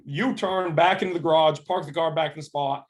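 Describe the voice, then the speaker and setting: A man in his thirties, an assistant basketball coach, telling stories as a guest in a casual interview, animated and full of restarts. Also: a little high. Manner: animated storyteller, quick restarts, acts out quoted voices.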